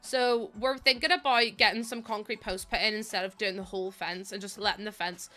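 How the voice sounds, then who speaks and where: A woman's voice: mid-range voice, steady tone, fairly quick, sharp tone, faint music behind. A young woman with a Northern Irish accent, chatting casually with viewers as she streams a game, rambling and laughing often. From Northern Ireland. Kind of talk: casual live-stream chat, greeting viewers.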